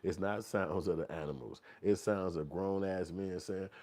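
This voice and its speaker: A man hosting a commentary channel, talking casually in a vivid, profane, second-person storytelling style. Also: normal speed. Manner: acts out quoted voices, sometimes yelling high. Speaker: channel host commenting on news.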